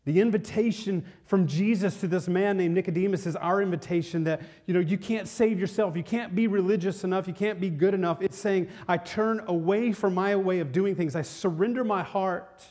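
A man preaching a sermon with a fairly high voice. He tells a personal story in an animated way, often restarting his sentences as he goes. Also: moderate pace, few pauses. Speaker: pastor.

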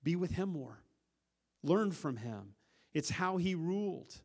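A male pastor delivers his sermon with an Upper Midwest American accent, his voice sitting a little high for a man. He builds to loud, pressing emphasis and then falls to a soft hush, stumbling over and repeating words as he restarts. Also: expressive, slow pace. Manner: earnest preaching that swells louder and softens to a hush.

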